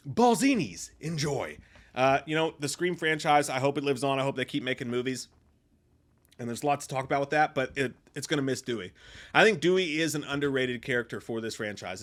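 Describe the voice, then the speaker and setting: A young man hosting a casual spoiler review of a film, emphatic and profane, swinging between loud outbursts and low mutters. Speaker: movie review host.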